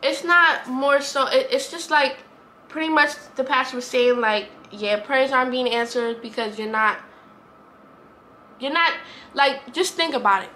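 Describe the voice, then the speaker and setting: A woman's voice: high-pitched, unhurried, pushed and bright, slight background noise. A woman, talking earnestly to camera in a rambling, repetitive way. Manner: earnest, rambling, repeats herself. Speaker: vlogger. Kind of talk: heartfelt casual talk to camera.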